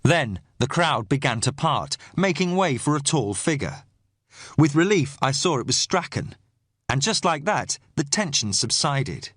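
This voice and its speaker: A man narrating a thriller audiobook in the first person, measured and tense. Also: on the high side, very animated, a bit bright, slightly rough, no echo, clean studio sound.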